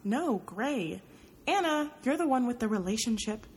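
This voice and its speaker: A woman reading an audiobook, voicing a bossy, forceful young woman journalist with an emphatic, pushy delivery. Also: a little high, lively intonation, normal speed, slight background noise, pitched above the performer's own voice, close to an everyday voice.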